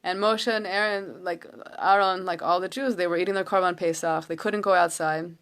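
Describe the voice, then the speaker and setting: A woman giving a casual, earnest Torah talk from home, retelling a story with halting restarts. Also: fairly low pitch, fairly even intonation, a bit bright, smooth. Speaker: Torah teacher.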